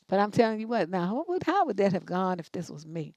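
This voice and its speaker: A woman's voice: mid-range voice, sing-song, fast, a little mellow, no room sound. A middle-aged woman hosting a livestream advice show, reading viewer questions aloud and answering in a blunt, profane, mocking way.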